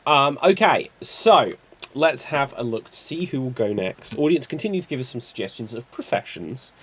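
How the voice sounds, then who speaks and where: A man hosting an improv comedy stream, brisk and jokey. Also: medium pitch, lively intonation, fairly bright tone, a little hiss or hum. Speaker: improv show host.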